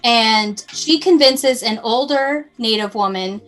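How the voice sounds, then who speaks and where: A fairly high-pitched woman tells a true crime story in a loose, chatty way. She rambles and restarts her sentences as she goes, and faint music plays behind her. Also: slow pace, a bit bright. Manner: chatty, rambling, self-interrupting. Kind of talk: casual storytelling chat.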